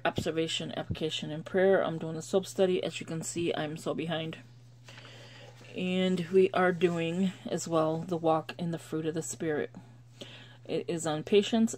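A woman's voice: lowish voice, darkish tone. A woman talking casually in a chatty, rambling devotional vlog about her daily scripture writing. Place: lives in Chicago.

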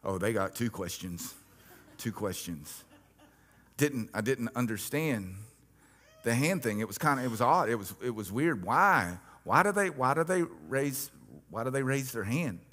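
A man's voice: on the low side, a bit bright. Man preaching with rising emphatic swells. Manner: rhythmic chanted repetition. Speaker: pastor. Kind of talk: sermon.

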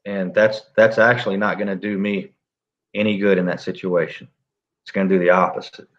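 Cop guy, low voice, slow reflective story, kinda muffled recording. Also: level tone. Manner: plainspoken, halting and reflective. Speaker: police officer recounting a standoff. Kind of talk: interview storytelling. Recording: dull lo-fi audio.

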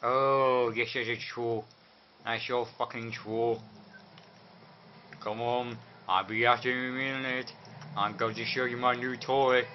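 A man's voice: mid-range voice, flat delivery, slow, close to an everyday voice. A man voicing a rowdy drunk young man over a video game, slurring, rambling and swearing, on a muffled recording. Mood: drunken rambling. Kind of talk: game voice-over role-play. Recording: muffled lo-fi with faint noise.

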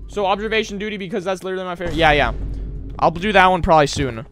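A young man streaming a horror game live, chatting with his viewers and yelling whenever he gets scared. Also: high-pitched, racing, soft background music. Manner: loud, jumpy, yelling at scares, chatting to chat.

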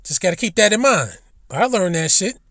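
A man's voice: sits high, big pitch swings, normal speed, fairly bright tone, no room sound, clean studio sound. A man ranting bluntly and profanely in a casual vlog monologue, recorded in a car. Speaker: vlogger.

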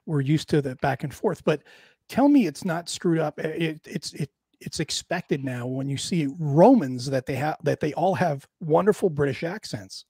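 Husky, lively American man joking. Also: fairly high pitch, moderate pace, no room sound, clean studio sound. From United States. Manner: joking, crude, laughs a lot. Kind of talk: casual chat.

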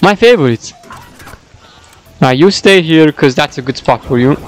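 A man giving excitable let's-play commentary, whooping and shouting at the game as he plays. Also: on the high side, moderate pace, a little hiss or hum. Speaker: gaming commentator.

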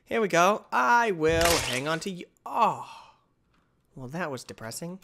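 A man narrates his gameplay in an excitable rush, his pitch leaping all over the place. His voice is bright and keen, and he yelps and trash-talks as he plays. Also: measured pace, creaky. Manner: excitable, yelps and exclaims loudly. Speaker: gamer.

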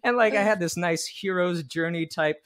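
A man, a musician guest on a podcast, telling stories in casual chat and acting out what people said in lively bursts. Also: sits high, normal speed.

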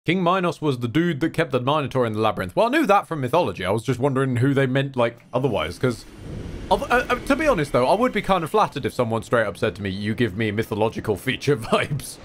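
A man's voice: mid-range voice, very animated, fast. A young man joking and laughing while playing a co-op game, casual and a little crude. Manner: jokey, laughing, casual swearing. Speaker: streamer. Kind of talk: casual co-op gameplay chat.

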